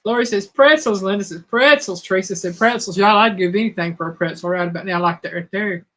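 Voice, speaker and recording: A woman hosting a live trivia chat. Her voice is hoarse, and she talks casually while reading out viewers' answers. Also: medium pitch, fast talker, fairly bright tone. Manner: chatty, reads out viewers' answers.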